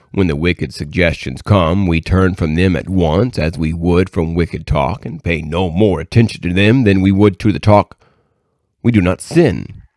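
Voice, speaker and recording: A man reading aloud from a devotional book in a measured, earnest way. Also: low voice, darkish tone, no echo, clean studio sound. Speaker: reader.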